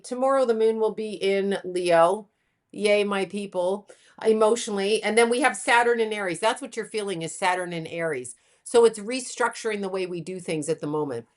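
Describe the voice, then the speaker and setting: A woman guest on a podcast who works as an astrologer, speaking bluntly and swearing casually in a matter-of-fact way. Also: medium pitch. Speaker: astrologer and psychic medium guest. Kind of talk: casual interview chat.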